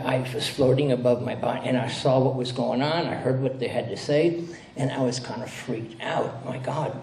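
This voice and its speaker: A man's voice: mid-range voice, a little mellow. A male pastor giving a sermon as a conversational story, with frequent restarts and acted quotes. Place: spiritual center hall. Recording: roomy hall with faint noise.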